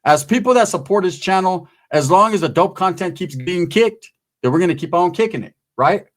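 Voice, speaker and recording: Man, vlog commentary, streetwise slang, swears a lot, fairly high voice. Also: fairly quick. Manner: streetwise, slang-heavy, animated, swears freely. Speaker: channel commentator.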